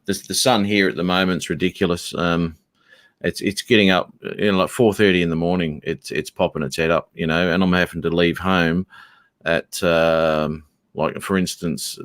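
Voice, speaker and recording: A man's voice: sits low, fairly even intonation, normal speed, fairly bright tone, no echo, clean studio sound. A man with an Australian accent chatting casually on a video call, rambling and laughing often, full of slang. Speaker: guest on a live chat stream. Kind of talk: casual chat.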